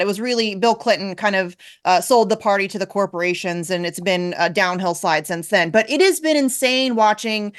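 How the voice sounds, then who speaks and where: A woman hosting a talk show, introducing her guest and speaking emphatically in casual political chat. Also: fairly high pitch. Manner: emphatic, agreeing, fast asides. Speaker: show host.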